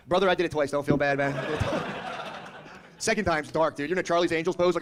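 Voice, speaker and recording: A man's voice: fairly high pitch, expressive, takes it slowly, pauses often, background noise. A man in his thirties doing a stand-up comedy set on a club stage. He is brash and profane, riffs with the crowd and acts out characters.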